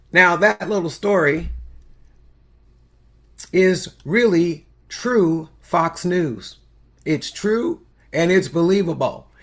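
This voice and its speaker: Slow gravelly older woman preaching. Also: lowish voice. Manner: slow storytelling with long pauses. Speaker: spiritual speaker. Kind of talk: storytelling sermon.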